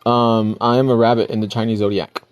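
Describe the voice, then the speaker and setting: A man's voice: fairly low pitch, flat delivery, moderate pace. A man co-hosting a livestream in casual chat, enthusiastic and talkative, peppering his speech with "like". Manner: chatty, enthusiastic, heavy use of "like". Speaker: livestream co-host. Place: Guam.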